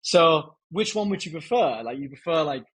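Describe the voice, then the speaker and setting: A man's voice: a little high, moderate pace, slightly rough, poor audio. A man as a podcast guest and founder, chatting casually and energetically, with a lot of "like" fillers. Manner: energetic, filler-heavy with frequent "like". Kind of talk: casual interview talk.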